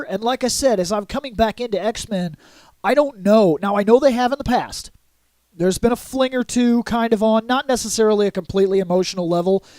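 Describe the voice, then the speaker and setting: A man vlogging a casual comic book review in an excitable way, adding sound effects and acting out lines. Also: high voice, no echo. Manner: excitable, adds sound effects and acts out quotes.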